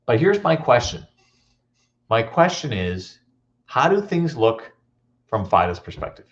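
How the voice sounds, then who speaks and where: Animated man giving a school motivational talk. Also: mid-range voice, unhurried, long pauses. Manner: animated, storytelling, audience questions. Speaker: motivational speaker. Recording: dull lo-fi recording.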